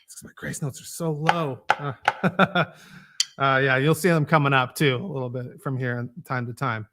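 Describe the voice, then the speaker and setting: A man's voice: mid-range voice, fairly even intonation, moderate pace, a little hiss or hum. A man giving a casual drum lesson, explaining rudiments and counting off exercises as he plays. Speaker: drum instructor. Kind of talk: live online drum lesson. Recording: loud drumming and clicks behind.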